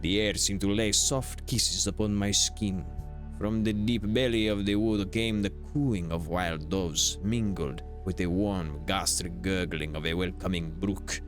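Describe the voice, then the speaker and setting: A man doing a hammy mock-Italian cook reads the dialogue in a lowered, near-whispered voice. The accent is broad and playful, the delivery slow and theatrical, sitting deep in the register. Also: fairly even intonation, faint music behind. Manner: low, hushed, theatrical reading. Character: Italian-accented male cook narrating the game.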